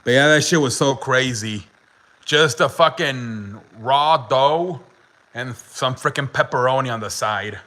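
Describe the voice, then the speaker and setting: A man's voice: medium pitch, unhurried, sharp tone, rough recording. A young man telling a story as a podcast host, casual and chatty, laughing often and swearing, with lots of "like" fillers.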